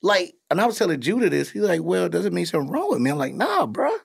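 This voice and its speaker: Go bold and gravelly, a man swinging his pitch. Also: rapid-fire. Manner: animated storytelling, cursing freely. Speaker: podcast host; comedian and father. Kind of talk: casual podcast chat.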